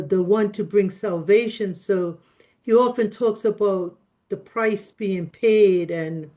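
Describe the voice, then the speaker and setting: A woman's voice: medium pitch, darkish tone, low-quality recording. A woman in a religious study group, earnestly explaining her reasoning step by step in a casual discussion.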